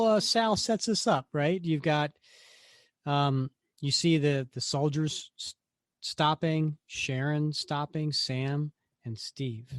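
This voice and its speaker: A man's voice: on the high side, dry recording, studio quality. A man co-hosting a podcast, chatting casually about comics, laughing easily. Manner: chatty, laughs easily, reads aloud with mock drama. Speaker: podcast co-host. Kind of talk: casual comic book discussion.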